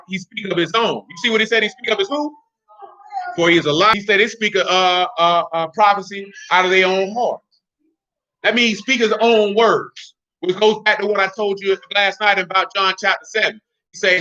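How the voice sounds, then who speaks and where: Blunt male Bible teacher, high and bright, slangy and emphatic, on a dull lo-fi recording. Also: fairly quick.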